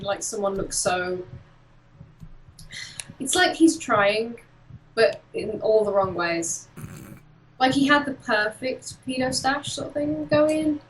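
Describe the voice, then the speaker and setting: A woman from the UK casually chatting on an art stream, telling animated stories and acting out quotes. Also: fairly high pitch, a little hiss or hum, low-quality recording. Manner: animated storyteller, acts out quotes and laughs often. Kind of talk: casual chat while drawing.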